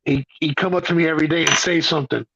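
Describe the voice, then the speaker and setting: A man's voice: a little high, very fast, gravelly, dull audio, background noise. A man hosting a podcast, telling stories in a brash, profane, casual way. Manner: brash, profane, animated storyteller. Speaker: podcast host. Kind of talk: casual chat, storytelling.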